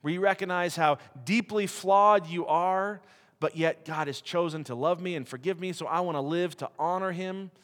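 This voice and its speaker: A man's voice: sits high, normal speed, fairly bright tone. A middle-aged man preaching a sermon as a missionary, conversational and self-deprecating as he tells stories. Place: church hall. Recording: long reverb of a church hall.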